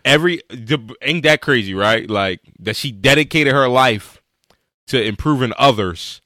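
Man, podcast co-host, slangy casual recap, bright voice, dry close sound. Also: mid-range voice, measured pace, dry recording. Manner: laid-back slangy, laughs often, acts out quotes.

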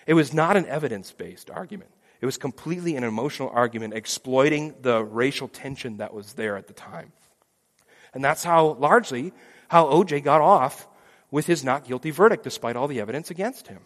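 A man preaching a sermon, dramatic, acting out quoted voices with big swings from loud pleas to near-whispers. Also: on the high side, expressive, a little fast. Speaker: pastor. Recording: long hall reverb.

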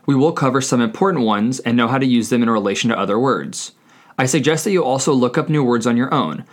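A man teaching a scripted language lesson, speaking deliberately and spelling words out letter by letter. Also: mid-range voice.

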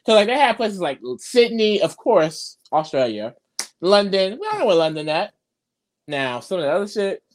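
A man co-hosting a casual reality-show recap, chatty and quick to laugh. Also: high voice, a little hiss or hum. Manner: chatty, laughs often, expressive.

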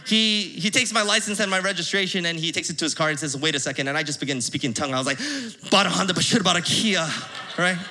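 Bright-voiced young man telling a church story. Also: a little high, fast talker. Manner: animated, laughing storyteller acting out his own reactions. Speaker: church speaker sharing a testimony. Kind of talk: sermon storytelling.

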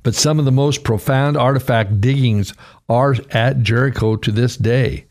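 A man preaching a radio sermon, earnest and conversational, his pitch rising sharply when he voices a quoted cry. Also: moderate pace, darkish tone. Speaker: radio pastor.

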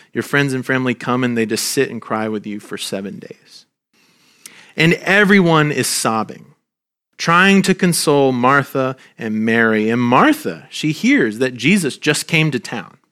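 A man preaching a sermon as a pastor, earnest and gentle, his voice dropping soft at the ends of lines. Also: mid-range voice, clear, resonant tone. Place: church.

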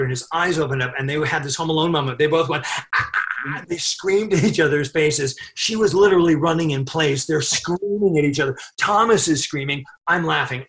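A middle-aged man telling a crew anecdote in a casual interview, animated and quick to laugh. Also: on the high side. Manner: animated storyteller, laughs often while telling. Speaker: film crew member telling a story.

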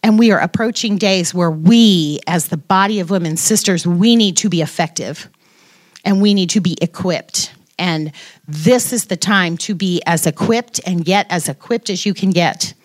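A woman's voice: fairly low pitch, normal speed, dry recording, clean studio sound. A woman giving an informal devotional talk to a women's Bible study, chatty and self-deprecating, with playful asides.

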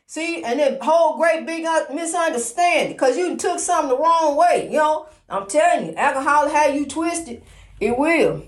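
A high-voiced woman speaks animatedly at normal speed, delivering a daily inspirational testimony as a motivational speaker. Her style is preacherly, repetitive and encouraging, full of fillers, and the recording has a roomy echo.

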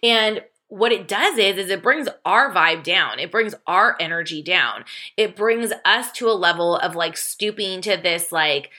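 A woman hosting a self-help podcast as a life coach, talking casually, laughing often, swearing freely and jumping way up in pitch when she quotes herself. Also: animated, a little slow, pushed and bright. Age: adult, divorced.

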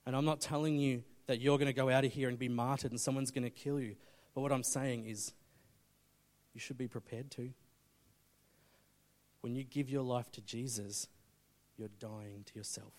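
Aussie pastor guy preaching, gets loud then drops real quiet, telling a story. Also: medium pitch, steady tone, normal speed, pauses often. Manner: storytelling preacher, swings from loud urgency to hushed intensity. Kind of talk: sermon.

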